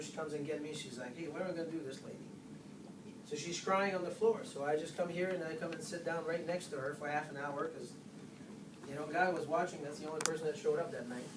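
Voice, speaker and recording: A chiropractor giving an informal nutrition workshop to patients, lively and full of "guess what?" asides. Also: medium pitch. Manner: animated, keeps asking "guess what?". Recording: roomy, distant, faint hiss.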